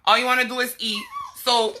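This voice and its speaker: A woman's voice: fairly high pitch, level tone, brisk, bright, forceful tone, slight background noise. A young woman talking on a casual livestream, preaching self-worth to women with emphatic, fired-up delivery and scolding asides to her little girl. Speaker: health advocate vlogger.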